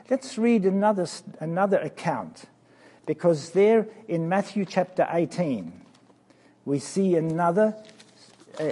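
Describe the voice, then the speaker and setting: A man preaching a sermon to children, slow and emphatic, asking questions of his listeners. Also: on the high side, dark tone, breathy edge.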